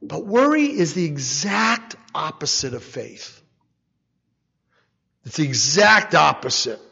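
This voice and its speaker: A man giving a conversational sermon, animated, with frequent rhetorical asides and "right?". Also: fairly high pitch, takes it slowly, vocal fry, slightly rough. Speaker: preacher. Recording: dull sound with long hall reverb.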